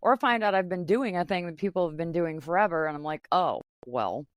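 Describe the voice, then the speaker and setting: Low-voiced chatty woman podcast host. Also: fast, smooth, dry recording, clean studio sound. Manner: chatty, tells stories with quoted asides. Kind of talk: casual podcast conversation.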